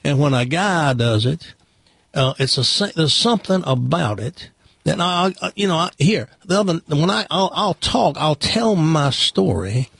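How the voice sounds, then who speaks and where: Southern male radio host, animated storyteller who restarts his sentences, husky and dry. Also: on the high side, measured pace, no room sound. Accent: Southern American. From American South. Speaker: radio talk show host. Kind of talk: casual talk radio chat.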